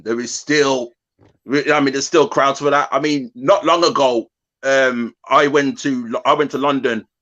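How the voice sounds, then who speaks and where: A man's voice: mid-range voice, bright, forceful tone, highs cut off. A man from the UK, a hip-hop journalist guest, chatting loosely with lots of "you know what I mean". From United Kingdom. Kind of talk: casual interview chat.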